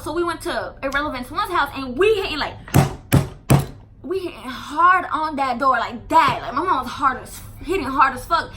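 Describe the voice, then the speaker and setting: A woman vlogger telling a casual storytime, animated and emphatic, swearing freely with lots of "like" fillers. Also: sits high, moderate pace, background noise.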